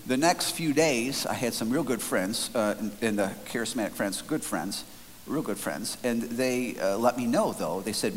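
A man preaches a sermon as an earnest, conversational story, often restarting his sentences. His voice is medium in pitch and animated, at a normal speed. The recording has faint hiss and a long hall reverb.

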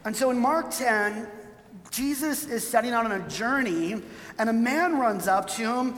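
A preacher talks through a sermon like a chat, tagging points with "right?" and briefly acting out quoted voices. The voice sits mid-range, neither high nor low. It rings out with a long hall reverb. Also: animated, a little slow. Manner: conversational, tags points with "right?"; acts out quoted voices for emphasis.

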